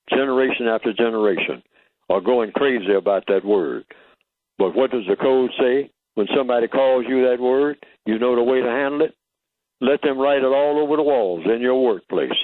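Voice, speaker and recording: Older man, radio guest, emphatic, rhetorical questions, mid-pitched voice, tinny phone sound. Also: dry recording. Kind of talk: radio interview talk. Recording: tinny phone line, dry.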